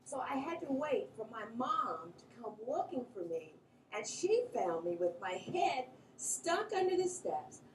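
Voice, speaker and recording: A woman with a fairly high voice recounts a funny episode from her childhood. Her delivery is animated, and her pitch climbs at the tense moments. The sound is roomy and slightly distant, with a faint hiss underneath. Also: measured pace. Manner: animated storytelling, pitch jumps at exciting moments. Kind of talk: personal childhood story.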